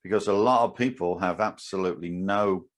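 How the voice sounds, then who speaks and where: Blunt low-voiced man explaining. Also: a little fast. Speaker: podcast co-host, martial arts instructor. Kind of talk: casual chat.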